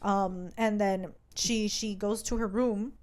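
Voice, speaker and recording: A young woman co-hosting a podcast, recapping a book in a lively, profane, joking way. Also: medium pitch, slow. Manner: animated, profane storytelling. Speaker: podcast co-host. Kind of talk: casual chat.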